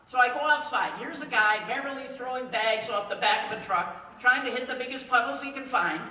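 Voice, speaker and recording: A man telling a comic story live on stage, with deadpan timing and wry asides. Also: very high-pitched, brisk. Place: stage in a hall before an audience. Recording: echoey hall, mic far off.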